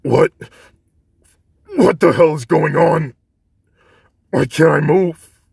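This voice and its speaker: A raging, yelling teenage hothead. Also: male voice, on the high side, unhurried, creaky, breathy edge, no room sound, studio quality, pitched above the performer's own voice, full character voice. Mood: enraged. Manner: yelling, snarling insults. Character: furious teenage boy hero, explosive hothead.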